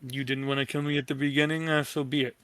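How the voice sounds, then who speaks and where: A man's voice: medium pitch, flat delivery, fast, fairly bright tone, clean tone, no room sound. A man playing in a tabletop game, speaking in character in a blunt, impatient way. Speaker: player.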